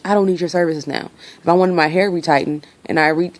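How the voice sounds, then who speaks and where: A woman's voice: on the low side, steady tone, fast talker. A young woman venting her frustration in a casual vlog, talking freely and swearing. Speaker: vlogger.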